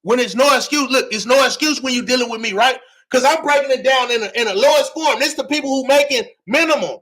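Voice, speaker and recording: A man's voice: extremely high pitch, fast talker, few pauses, fairly bright tone. A man hosting a livestream, teaching money and real estate to his viewers in a hyped, preachy way, often repeating himself and using slang.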